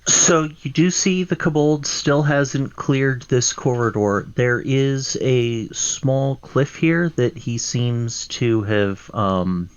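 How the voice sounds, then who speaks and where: A man running an online tabletop game as dungeon master, speaking in a measured way with frequent pauses. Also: mid-range voice, smooth, no echo, muffled recording. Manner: measured, hesitant with fillers.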